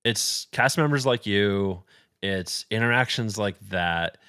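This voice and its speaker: A male podcast host with a low voice speaks slowly and sincerely, stumbling over repeated words. His tone is smooth and clear. The sound is dry and close to the mic. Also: bright, forceful tone, no echo. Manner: earnest, repeats words while thanking. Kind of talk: casual interview chat.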